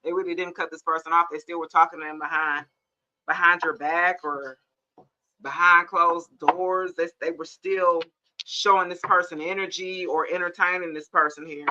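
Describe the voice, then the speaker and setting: A woman's voice: fairly low pitch, fairly even intonation, moderate pace, sharp tone, highs cut off. A young woman giving a casual, blunt and sassy tarot reading to camera, with laughing asides. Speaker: tarot reader. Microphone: phone or camera mic.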